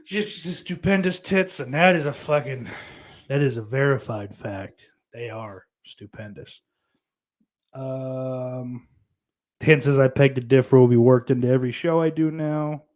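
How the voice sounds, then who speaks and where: A man's voice: mid-range voice, a little slow, darkish tone. A man co-hosting a podcast, reading live chat comments aloud in crude casual banter, laughing often and swearing freely.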